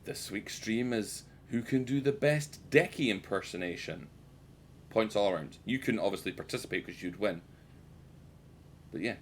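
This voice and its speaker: A man's voice: on the low side, moderate pace, a little hiss or hum. A British man streaming a game, rambling and joking with his chat and swearing freely. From United Kingdom. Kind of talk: casual gameplay commentary.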